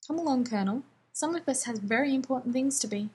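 A woman voicing an impatient, nervous male scientist who talks quickly and urgently. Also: sits high, creaky, a little mellow, slightly rough, pitched above the performer's own voice, full character voice.

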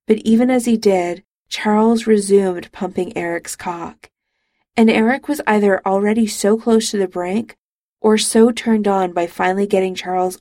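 A woman narrating a romance audiobook in calm, even storytelling, recorded on a close studio mic. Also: mid-range voice, no echo.

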